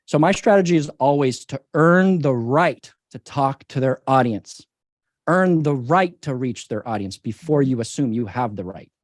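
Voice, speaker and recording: A man's voice: mid-range voice, lively intonation, moderate pace, no echo. Ceo guy in an interview, punchy and persuasive, hammers points home, dry close mic. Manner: emphatic, persuasive, repeats key points. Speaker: company CEO, interview guest. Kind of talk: business interview answers.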